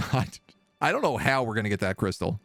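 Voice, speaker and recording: A man's voice: lowish voice, sing-song, brisk, creaky, a bit bright. A man streaming a strategy game, musing aloud as he weighs options. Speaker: live streamer. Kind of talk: gameplay commentary. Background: game music.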